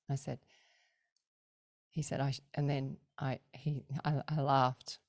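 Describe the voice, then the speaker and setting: A middle-aged woman, a podcast guest, telling stories in a casual, animated way, acting out the voices of people she quotes and laughing often. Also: extremely low pitch, normal speed, gravelly, dry recording. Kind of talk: casual storytelling.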